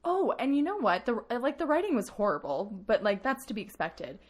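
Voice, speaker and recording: A young woman co-hosting a podcast, telling stories in a lively, laughing way during casual chat. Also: a little high, a little fast. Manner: animated storyteller, laughs often. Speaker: podcast co-host.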